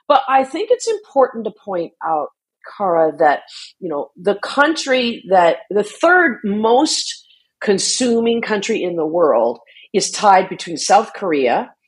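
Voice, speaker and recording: A woman's voice: mid-range voice, big pitch swings, slow pace, husky. A woman speaking as an interview guest, explaining earnestly in a conversational way, with frequent restarts and fillers. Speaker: interview guest, shark conservation advocate.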